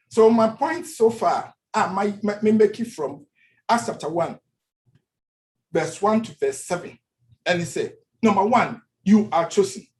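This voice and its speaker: Lively Ghanaian pastor preaching. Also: male voice, high-pitched. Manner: switches between English and Twi, repeats phrases for emphasis. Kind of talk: sermon. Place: church.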